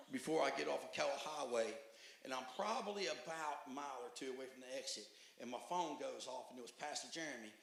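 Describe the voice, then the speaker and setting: A man tells his personal testimony to a church group with a bright, forceful voice. His telling is emphatic, rising to loud bursts and dropping to hushed passages. The sound carries a roomy echo from a church meeting hall. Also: creaky. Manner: emphatic storytelling, swings between loud outbursts and hushed low stretches. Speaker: testimony speaker at a recovery meeting.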